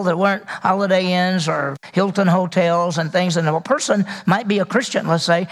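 A man's voice: sits high, long reverb tail. A man preaching a sermon as pastor, talking in a conversational way and putting questions to his congregation.

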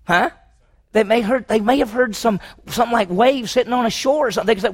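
A man's voice: high voice, quick pace. A man preaching a sermon on a Bible passage, asking his listeners questions and acting out what people said. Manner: asks the audience questions, acts out quotes.

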